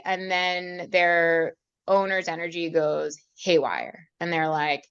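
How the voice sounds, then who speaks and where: A woman riding instructor teaching a student in a chatty, animated way, then leading a guided meditation. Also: on the low side, measured pace, no echo, dull audio. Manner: chatty, animated, acts out horse thoughts. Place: outdoors at a horse trailer.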